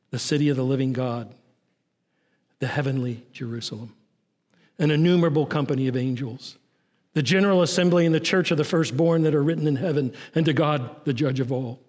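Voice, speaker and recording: A man preaching a sermon as pastor, swinging from raised, urgent lines to low, quiet ones. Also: in a large hall. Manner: preaching with rising and falling intensity, dropping low and soft on key lines.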